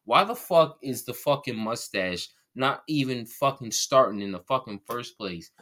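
A man's voice: mid-range voice, animated, moderate pace, fairly bright tone. A man co-hosting a casual sports podcast, ranting heatedly with lots of swearing. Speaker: podcast co-host.

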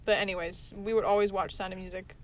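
A woman's voice: medium pitch, flat delivery, fast. A tired young woman co-hosting a podcast, chatting in a laid-back way and laughing often. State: tired, yawning. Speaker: podcast co-host. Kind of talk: casual chat. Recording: faint background noise.

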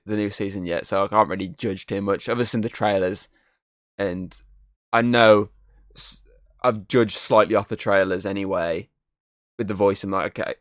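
A man hosts a laid-back podcast, talking in long, rambling stretches peppered with swearing and easy laughter. His voice sits a little low, and the sound is close and dry on a headset mic. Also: fairly bright tone, no room sound. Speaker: podcast host. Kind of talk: casual chat.

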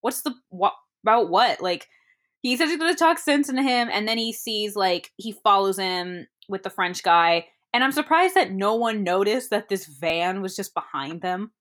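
A woman's voice: medium pitch, animated, normal speed, fairly bright tone. A woman in her thirties chatting casually about a movie, laughing often and acting out her own thoughts.

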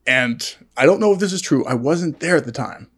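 A man co-hosting a casual podcast, telling stories in an animated way with lots of laughter. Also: a little fast, husky. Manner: animated, laughing, jumps to high-pitched acted quotes. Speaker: podcast co-host. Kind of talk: casual storytelling chat.

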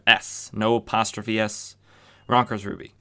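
A man's voice: on the low side, level tone, a little slow, a bit bright, clean tone. Sarcastic man recapping old comics. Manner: joking and sarcastic, with frequent fillers. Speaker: comic book podcast host.

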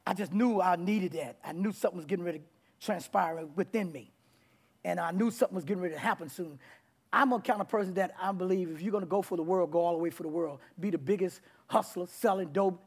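A man preaching his testimony to a congregation in a church, with a rough, abrupt delivery that bursts into loud, excited passages. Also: sits high, fast talker. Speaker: guest preacher. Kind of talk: testimony sermon. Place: church sanctuary before a congregation.

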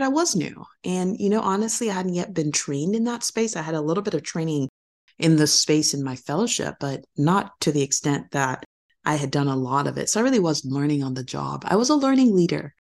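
A woman's voice: lowish voice, darkish tone. Earnest, encouraging woman podcast host. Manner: earnest, encouraging, repeats key phrases. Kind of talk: motivational podcast monologue.

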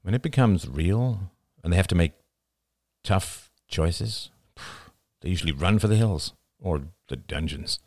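A man reading the lines of a blunt, guarded man with grim views, in a flat, terse manner. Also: low voice, measured pace, dry recording, clean studio sound, full character voice. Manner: flat, terse, matter-of-fact. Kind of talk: audiobook character reading.

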